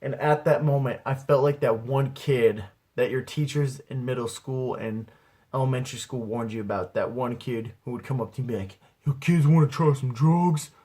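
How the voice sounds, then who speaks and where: A young man spins a rambling comic anecdote in a relaxed, slangy voice with a husky edge. His pitch sits in an ordinary middle range. He drops profanity freely and slips into voices for the people in his story. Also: normal speed. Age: young adult. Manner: laid-back, slangy and profane, acts out quotes. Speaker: aspiring comedian. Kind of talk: casual comic storytelling to camera.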